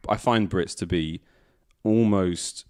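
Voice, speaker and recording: A man's voice: deep voice, slow pace, a little mellow. A young man chatting casually as a podcast guest, laid-back and swearing freely. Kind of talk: casual chat.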